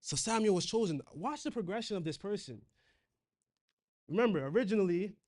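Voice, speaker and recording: A man's voice: high-pitched, animated, moderate pace. A man preaching a sermon in a conversational way, reading scripture aloud and retelling it in casual slang.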